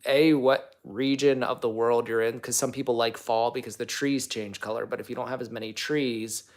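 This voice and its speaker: Gravelly young man chatting on a livestream. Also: mid-range voice. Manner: rambling and chatty, lots of fillers. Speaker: livestream host and actor. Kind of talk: casual livestream chat, reading viewer comments.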